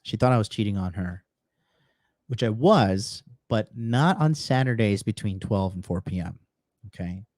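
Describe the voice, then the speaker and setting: A man's voice: fairly low pitch, normal speed, darkish tone, dry recording. A man telling brash, profane, boastful stories in a casual podcast conversation. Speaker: podcast guest.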